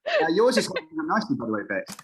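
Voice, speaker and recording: Fast, animated male comedian. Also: a little high, noisy background. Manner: rambling, self-interrupting anecdote with acted-out quotes. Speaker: comedian and panel guest. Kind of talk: comic storytelling on a live panel.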